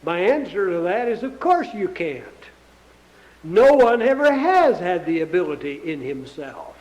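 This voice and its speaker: A man's voice: high-pitched, sing-song, unhurried, a little mellow, poor audio. A male pastor preaching a sermon in a plain, earnest, conversational way, often asking the listeners rhetorical questions.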